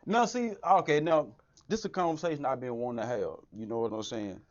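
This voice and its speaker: A middle-aged man hosting a casual podcast chat, animated, who keeps saying "right, right" and "you know what I'm saying". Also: medium pitch, fairly quick. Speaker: podcast host. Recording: dull lo-fi sound.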